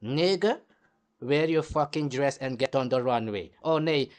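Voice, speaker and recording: A man's voice: medium pitch, a little slow. Combative man ranting. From Caribbean. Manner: heated, combative, swearing. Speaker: host. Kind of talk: profane commentary rant.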